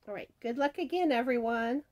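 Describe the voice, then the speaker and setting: A woman on a crafting channel chats casually as she names crochet giveaway winners and reads their comments, fumbling some names. Her fairly high voice has a darkish tone and a fairly quick pace.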